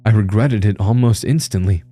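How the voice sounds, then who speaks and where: Deep-voiced man narrating a horror story. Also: normal speed, dark tone, soft background music. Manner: tense, grim storytelling.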